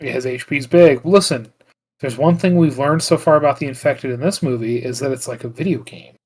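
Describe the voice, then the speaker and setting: A man's voice: medium pitch, fairly quick, darkish tone, breathy edge. A man co-hosting a podcast, recapping a film in casual chat with lots of filler words and restarts. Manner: rambling plot recap full of "like" fillers. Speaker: podcast co-host.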